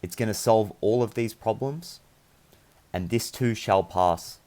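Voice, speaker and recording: A young man with a somewhat low-pitched voice reads tarot cards for his viewers. He talks in an earnest, meandering manner, offering encouragement and spiritual reassurance. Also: measured pace, warm tone. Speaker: tarot reader.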